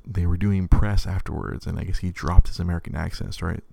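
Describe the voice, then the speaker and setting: A man in his thirties hosts a casual podcast chat, his voice low and deep with a gravelly, creaky edge. He rambles, restarts his sentences and stammers over them, and laughs often. The sound is close and dry. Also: steady tone, quick pace, mellow, no echo.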